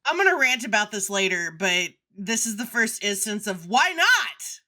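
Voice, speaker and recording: A young woman co-hosting a podcast, chiming in casually with quick agreement and short asides. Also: mid-range voice, very animated, sharp tone. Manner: quick agreeing interjections, laughs along. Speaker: podcast co-host. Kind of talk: casual fan chat.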